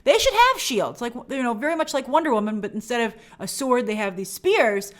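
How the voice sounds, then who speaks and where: A woman hosting a film and TV review show gives a chatty, enthusiastic breakdown of a TV episode, sometimes acting out characters' lines. Her voice sits on the high side, with lively intonation and a brisk pace.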